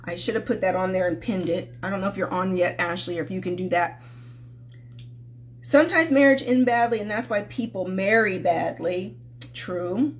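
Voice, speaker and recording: A woman's voice: mid-range voice, moderate pace, slight background noise. A woman love coach hosting a live-stream Q&A, chatting casually and affectionately with viewers and calling them sweetheart.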